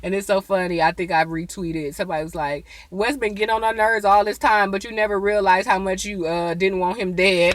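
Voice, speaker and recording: A woman, recapping a TV episode in a chatty, excitable way, often saying "y'all.". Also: lowish voice, normal speed, few pauses. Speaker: TV episode reviewer. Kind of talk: casual recap vlog.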